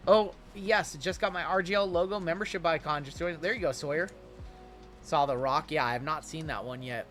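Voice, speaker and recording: Chatty card break host, a bit high. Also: male voice, fairly quick, fairly bright tone, faint music behind. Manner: chatty, answers viewer questions while opening packs. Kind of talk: casual livestream chat.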